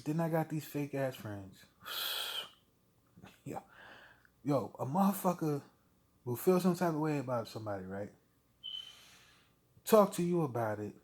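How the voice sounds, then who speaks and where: Vlogger, male, fairly high voice, blunt profane rant, heated delivery. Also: animated, unhurried, long pauses, darkish tone. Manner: blunt, heated, swearing, with short laughs. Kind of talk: profane personal rant to camera.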